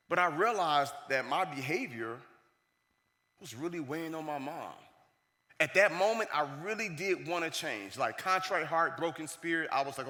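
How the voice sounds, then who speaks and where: On a conference hall stage, a keynote speaker tells a story animatedly, acting out the voices of the people in it. His voice is a little high and his speed normal, and the recording has the long reverb of a large hall.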